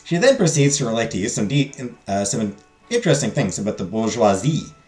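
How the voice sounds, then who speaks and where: A man streaming a story game, reading its narration and chatting in an animated, rambling, self-deprecating way. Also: lowish voice, a little fast, reverberant, faint music behind. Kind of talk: casual game commentary and narration.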